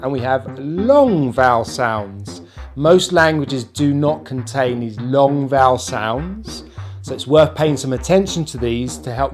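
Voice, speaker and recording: A man with a British accent teaching English pronunciation, saying each example word slowly and clearly twice. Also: mid-range voice, a little mellow. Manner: clear, careful, drawn-out repetitions of words. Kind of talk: slow, deliberate pronunciation lesson.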